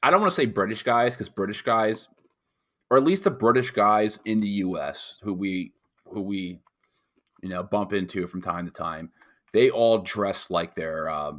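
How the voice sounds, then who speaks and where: Rambling, low-voiced male podcaster. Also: normal speed, a bit bright. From United States. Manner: rambling, crude, full of restarts. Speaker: podcast co-host. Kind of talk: casual chat.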